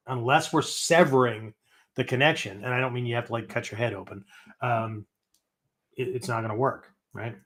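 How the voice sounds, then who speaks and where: Older male host with a mid-range voice, talking students through ideas in plain, chatty lessons. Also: medium pitch. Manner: ends phrases with "right?" and "okay?"; explains step by step, with frequent restarts. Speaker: podcast host teaching philosophy. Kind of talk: conversational teaching talk.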